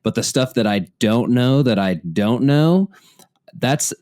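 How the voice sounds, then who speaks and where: A man's voice: medium pitch, lively intonation, slow, darkish tone. A man in casual conversation who agrees emphatically and explains his ideas through everyday examples.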